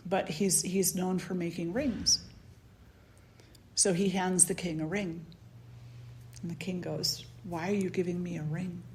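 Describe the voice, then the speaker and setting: A woman spiritual teacher giving a satsang, telling a story calmly and leading a guided meditation. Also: fairly low pitch. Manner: calm, unhurried storytelling.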